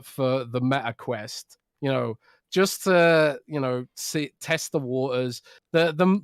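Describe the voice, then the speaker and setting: A man co-hosting a podcast, ranting in an animated way with many restarts. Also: fairly high pitch, dry recording, clean studio sound. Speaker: podcast co-host. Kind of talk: casual chat.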